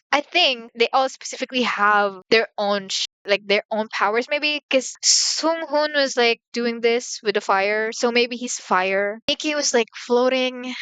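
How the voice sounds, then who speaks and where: Excitable young woman reacting aloud. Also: a little high, clear, resonant tone, dry recording, rough recording. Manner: excitable, rambling, frequent rhetorical questions and yelps. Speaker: reaction video host. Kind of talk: casual reaction commentary.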